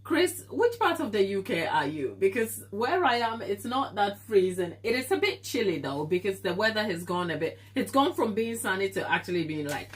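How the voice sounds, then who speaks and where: Lively chatty woman baker, stuffy nose. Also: mid-range voice, normal speed, few pauses. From Africa. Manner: chatty, laughs often, reads out viewer comments. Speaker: baking channel host on a live stream. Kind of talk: casual live-stream chat with viewers. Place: home kitchen.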